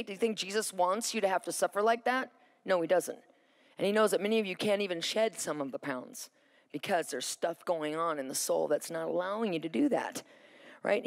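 A woman preaches a sermon by telling her own story with lively energy. She acts out the thoughts she had along the way. She keeps calling to the listeners for an answer. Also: medium pitch, gravelly. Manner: asks the audience for responses. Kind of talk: sermon with personal testimony.

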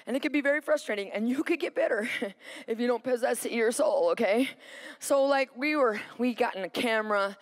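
A woman preaching a sermon in an animated storytelling way, acting out her own thoughts and calling to the audience for responses. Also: on the high side, a little fast. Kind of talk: sermon with personal testimony.

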